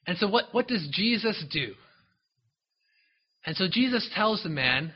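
Husky-voiced man preaching conversationally. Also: high-pitched, big pitch swings, unhurried, pauses often, muffled recording. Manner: conversational storytelling with frequent asides to listeners. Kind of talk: sermon, retelling a Bible story.

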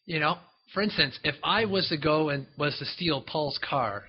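A man delivers a sermon in a relaxed, storytelling way, as if talking straight to his listeners and drawing them in with asides. His voice sits a little high with a husky, breathy edge. The recording sounds dull and lo-fi. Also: moderate pace. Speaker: preacher. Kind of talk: sermon, retelling a Bible story.

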